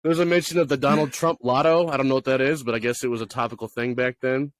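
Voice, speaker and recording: A man co-hosting a casual movie review podcast, rambling and animated, often laughing and acting out lines. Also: medium pitch, fast talker, dry recording. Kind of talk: casual chat.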